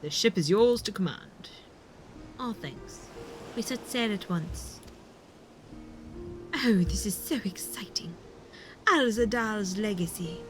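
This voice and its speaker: A woman reading fantasy game characters' lines aloud in a put-on Irish accent, slow and grand, with game music behind her. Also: mid-range voice, expressive. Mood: theatrical.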